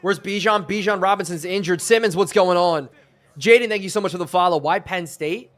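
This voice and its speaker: A man's voice: sits high, a little fast, fairly bright tone. A man live-streaming a football video game, calling plays in a sportscaster style and chatting with viewers. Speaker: streamer and host.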